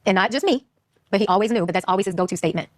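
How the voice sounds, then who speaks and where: A woman in casual conversation, telling her own story quickly and animatedly. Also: medium pitch, dry recording, studio quality.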